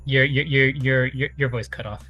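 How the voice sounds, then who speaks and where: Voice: mid-range voice, steady tone, normal speed, slightly rough, muffled recording, soft background music. A laid-back co-host in a casual anime review chat, chiming in and laughing along.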